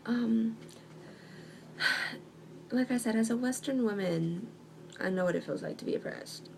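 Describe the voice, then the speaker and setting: Slow, gravelly young woman vlogging. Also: on the high side, warm tone, a little hiss or hum. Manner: sarcastic, hesitant with many ums. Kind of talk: casual video monologue.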